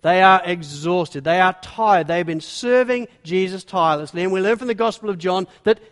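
A man preaching a sermon as pastor, emphatic and animated, telling the story with energy. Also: high voice, normal speed. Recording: long reverb of a large hall.

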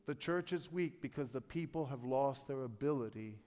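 A pastor preaching a sermon to his congregation, calling for responses and swinging from quiet storytelling to loud, shouted peaks. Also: mid-range voice, normal speed, long reverb tail. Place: church sanctuary.

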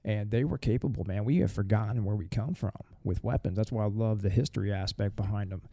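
Fast-talking gravelly man. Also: lowish voice, warm tone, no echo. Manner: blunt, profane, rambling with restarts. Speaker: firearms instructor and former Marine. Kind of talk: casual podcast storytelling.

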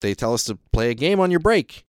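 A man's voice: mid-range voice, very animated, a little fast, clean tone, no room sound, studio quality. A man hosting a comedy show, playing an improvised sketch in an earnest, straight-faced way.

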